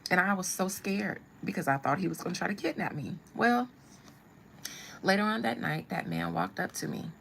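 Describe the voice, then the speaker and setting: A woman tells a personal story on a live stream. She is blunt and wry, and her voice has a gravelly, creaky edge. Faint noise hums under the recording. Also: on the low side, moderate pace, a bit bright, rough recording. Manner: blunt, humorous storytelling with asides. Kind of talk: casual storytelling.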